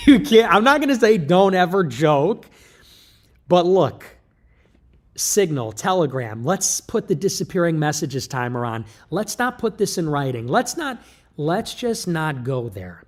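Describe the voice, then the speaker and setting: A man's voice: fairly high pitch, sing-song, unhurried. A man delivering an emphatic, lecturing livestream monologue, loose and joking in tone. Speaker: livestream commentator.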